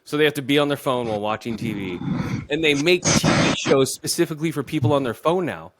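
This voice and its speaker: A man's voice: mid-range voice, fast talker, background noise. A man talking casually as a podcast guest, laid-back, now and then mocking other people's voices. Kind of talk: casual chat.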